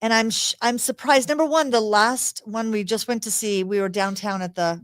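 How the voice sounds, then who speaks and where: A talkative woman co-hosting a podcast, her voice sitting a touch high. She chats in quick bursts, laughs easily and restarts her sentences. The sound is dry and close. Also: fairly even intonation, no room sound. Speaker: podcast co-host. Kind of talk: casual chat.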